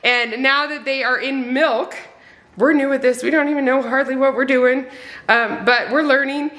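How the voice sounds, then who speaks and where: A woman's voice: high-pitched, fairly even intonation, normal speed, fairly bright tone. A woman vlogger chatting casually to camera, upbeat and chatty, with frequent ums and restarts. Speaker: homesteading family vlogger.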